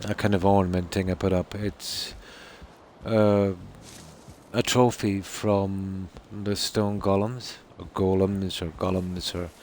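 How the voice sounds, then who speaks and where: Low-voiced man streaming a game. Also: level tone, darkish tone, slight background noise. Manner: rambling and easygoing, with many "you know"s and pauses. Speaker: streamer playing a survival game. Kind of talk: casual live-stream commentary. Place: room at home at night.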